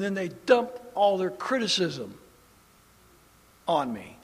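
A man preaching a sermon as pastor, animated and swinging from loud emphasis to hushed tones. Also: high voice, slow, long pauses, slightly rough, in a large hall.

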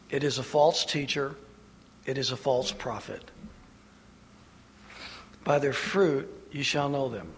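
With a little hiss or hum in the background and the long reverb of a large hall, a man preaches in a mid-range, somewhat bright voice. His sermon is emphatic and deliberate, built around pointed rhetorical questions delivered slowly.

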